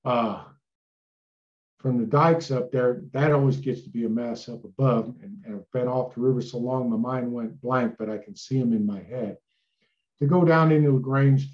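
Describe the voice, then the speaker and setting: An older man from Illinois, a retired river captain, telling rambling folksy stories in a casual interview. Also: mid-range voice. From Illinois, USA. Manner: rambling, folksy, with fillers and asides. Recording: slightly dull, lo-fi sound.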